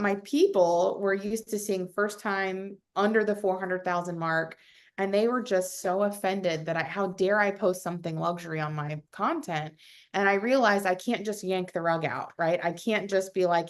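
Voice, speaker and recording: A woman's voice: mid-range voice, moderate pace. Chatty woman giving advice on a video call. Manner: chatty, animated, acts out quotes with lots of fillers. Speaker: realtor panelist.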